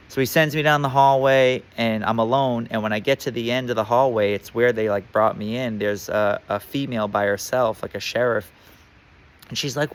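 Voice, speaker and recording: A man's voice: lowish voice, steady tone, fairly quick. A man telling a personal story in a casual, rambling way, full of fillers and swearing.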